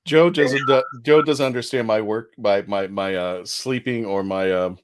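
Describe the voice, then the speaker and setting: A man's voice: on the low side, normal speed. A man in a casual stream chat, telling rambling stories and laughing often.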